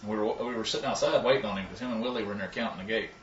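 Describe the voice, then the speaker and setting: A man swapping stories in casual chat, animated and swearing freely. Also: on the low side, racing, a little hiss or hum. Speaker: guest storyteller. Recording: roomy, distant, muffled live-stream audio.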